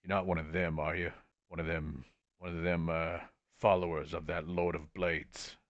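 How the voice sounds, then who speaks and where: A man's voice: low-pitched, flat delivery, moderate pace, dry recording, highs cut off, close to an everyday voice. A man voicing a wistful, loyal shifter family man who talks in a nostalgic, rambling and blunt way.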